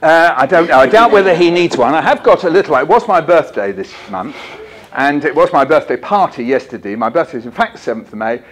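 Lively older man telling stories to teachers. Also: on the high side, brisk. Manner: lively, jokey, acts out voices and poems. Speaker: children's author giving a talk. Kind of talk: storytelling talk to teachers. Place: conference hall.

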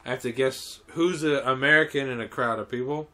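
A man's voice: mid-range voice, a little fast, pushed and bright. A man joking and rambling in casual chat over a video game, playfully exasperated.

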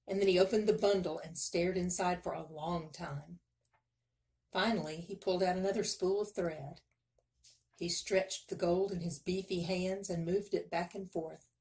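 Woman reader for a chapter book; unhurried, lower voice, calm steady narration. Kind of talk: storybook read-aloud.

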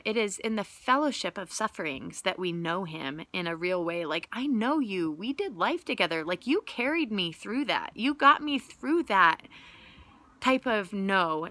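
A woman's voice: mid-range voice, sharp tone, no room sound. A young woman giving a casual, earnest devotional talk, conversational and full of "like" fillers. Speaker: Bible teacher and vlogger.

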